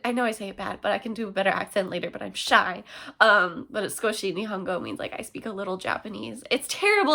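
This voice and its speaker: Young woman vlogging, chatty and excitable, lots of um and like. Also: mid-range voice. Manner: chatty, excitable, many fillers. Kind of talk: casual storytime.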